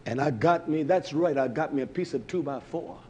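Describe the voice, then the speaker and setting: Male preacher, fairly high-pitched, fiery and blunt, swings between shouting and muttering. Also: fairly quick, a little hiss or hum. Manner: blunt, salty language. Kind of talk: sermon.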